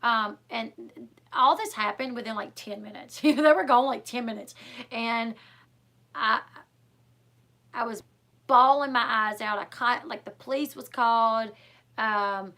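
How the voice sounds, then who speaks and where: A woman's voice: fairly high pitch, unhurried, long pauses, fairly bright tone. A woman vlogger telling a personal story in a casual, rambling way, full of fillers. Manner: rambling, filler-heavy, lots of "like" and "um"; emotional, retelling a scare.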